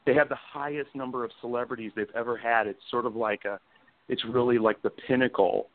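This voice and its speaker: A man's voice: mid-range voice, fairly even intonation, a little fast. A male author and guest, reading his book aloud dramatically and then chatting in an enthusiastic, rambling way. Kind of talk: casual chat and dramatic reading. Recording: dry, phone-like sound.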